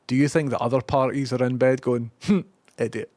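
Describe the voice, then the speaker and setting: A man's voice: medium pitch, little pitch movement, quick pace, a little mellow, no room sound. A man with a Scottish accent chatting casually on a livestream, rambling, sweary and self-deprecating.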